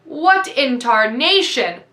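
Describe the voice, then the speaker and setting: A woman's voice: high-pitched, moderate pace, bright, forceful tone, echoey room. A woman reading aloud and voicing a tall, blustery male official in a cowboy hat. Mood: questioning.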